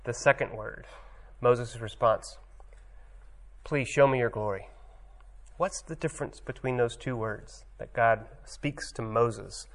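A male preacher reads a scripture passage in a firm, emphatic voice. He then moves into relaxed, searching commentary full of small hesitations. His pitch sits in an ordinary middle range. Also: slow. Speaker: pastor.

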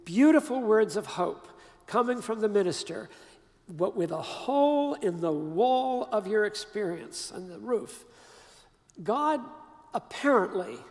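A man's voice: high-pitched, a little mellow. Older man preaching in a long-echoing hall. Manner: conversational, emphatic storytelling with pauses and restarts. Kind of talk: storytelling sermon.

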